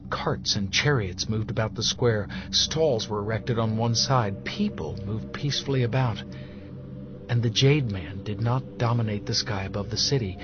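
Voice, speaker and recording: A man reading fantasy narration in a measured, steady way. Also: mid-range voice. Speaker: audiobook narrator. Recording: dull lo-fi audio with music behind.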